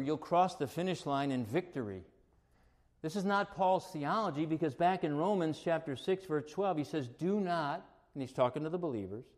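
A man delivers a sermon in a notably high-pitched voice. He moves between calm, quiet teaching and sudden raised, emphatic lines, pressing his points hard. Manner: emphatic preaching, swings between quiet asides and raised exclamations. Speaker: pastor.

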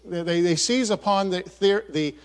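A man delivers a sermon in a storytelling way, describing a picture scene by scene. His voice sits a little high for a man, and he often trails off and restarts his words. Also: clean tone. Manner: halting, repeats words.

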